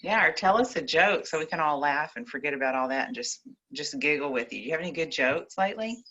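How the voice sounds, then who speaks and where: Low bright woman on a lo-fi video call. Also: expressive, fast talker. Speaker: participant reading scripture. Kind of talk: scripture reading and casual video-call chat.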